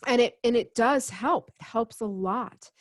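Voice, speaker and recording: This woman's voice is fairly high and unhurried. She's a guest healer being interviewed, sincerely recounting something from her own life and voicing the exchanges, her own lines and other people's, in a storytelling way.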